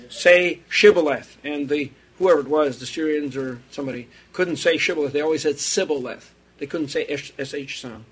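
A man's voice: a little high, slightly rough. A man giving an unscripted theology lecture, rambling and digressive, chuckling at his own asides.

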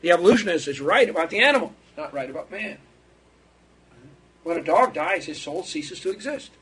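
A man's voice: high voice, expressive, brisk, fairly bright tone, slightly rough. A man giving an unscripted theology lecture, rambling and digressive, chuckling at his own asides.

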